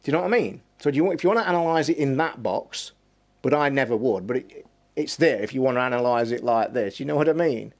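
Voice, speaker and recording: Brief: man, 50s, streamer host, passionate swearing rant, slow stressed emphasis. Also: mid-range voice, expressive. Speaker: podcast host.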